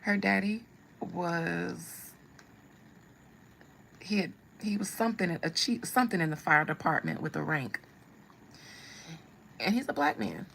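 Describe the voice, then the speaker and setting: A woman tells a personal story on a live stream. She is blunt and wry, and her voice has a gravelly, creaky edge. Faint noise hums under the recording. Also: lowish voice, expressive, a little slow, long pauses, a bit bright, rough recording. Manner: blunt, humorous storytelling with asides. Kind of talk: casual storytelling.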